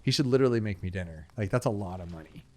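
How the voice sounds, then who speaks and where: Racing along with lively intonation, a young gaming channel host rambles casually as he plays a video game. His voice is on the low side, there's a little hiss or hum, and his chatty talk is filled with fillers and asides.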